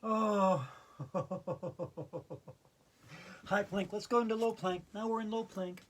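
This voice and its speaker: A woman's voice: mid-range voice, slow pace. A woman hosting a playful yoga routine, giggling and laughing through the poses. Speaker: yoga video host.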